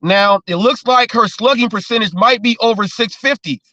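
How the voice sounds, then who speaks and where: A man's voice: high-pitched, normal speed, sharp tone, no echo, highs cut off. A man hosting a casual talk show, rambling and riffing with jokes and repeated phrases. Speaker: show host.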